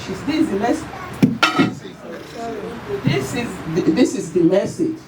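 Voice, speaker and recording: A Nigerian woman giving an emotional tribute at a memorial service, her voice shaking as she tells the story in halting, repeated phrases. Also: mid-range voice, very animated. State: tearful, voice shaking. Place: church or event hall at a memorial service. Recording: echoey hall, far from the mic, faint noise.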